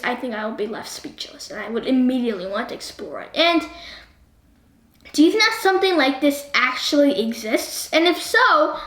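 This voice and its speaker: A high, bright-pitched woman talks through a movie review, tossing question after question at her viewers. The room around her rings with a noticeable echo. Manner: keeps asking the viewer questions, animated. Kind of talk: chatty video review. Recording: roomy echo.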